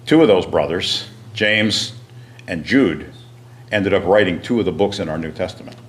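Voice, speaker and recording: A man teaching a Bible class, reading scripture aloud and asking his listeners questions, often clearing his throat. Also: sits low, normal speed. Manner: frequent throat clearing and restarts.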